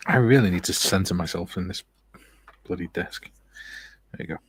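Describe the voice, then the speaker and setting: A man's voice: low voice, moderate pace, a little hiss or hum. A middle-aged man hosting a casual modelling livestream, reading out viewer comments and joking with friends. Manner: reads out viewer comments, jokey banter. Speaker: livestream host and scale modeller.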